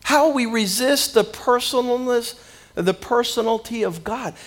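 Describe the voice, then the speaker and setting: High-voiced man preaching a sermon. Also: normal speed. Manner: animated storytelling, dropping low and quiet when acting out his younger self; repeats words at the start of phrases. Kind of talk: sermon with personal testimony.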